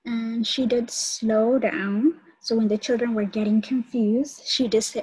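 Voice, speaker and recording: A woman's voice: a little high, fairly even intonation, a little slow, darkish tone, husky, low-quality recording. A woman lecturing online about teaching methods, explaining step by step and repeating key points. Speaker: college instructor.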